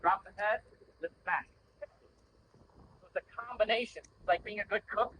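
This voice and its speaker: A man's voice: high voice, moderate pace, pauses often, bright, forceful tone, slight background noise, poor audio. A man working as a horse trainer, coaching bluntly while riding, swearing freely and acting out little voices to make his point. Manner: blunt, profane, acts out voices to explain. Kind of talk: coaching during a training session.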